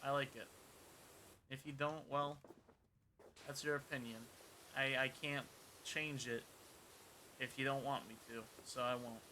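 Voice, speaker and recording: Man, game streamer, casual rambling commentary, bright tense voice, faint background noise. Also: medium pitch, fairly even intonation, a little slow, long pauses, rough recording. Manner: rambling, joking, talks to himself while playing.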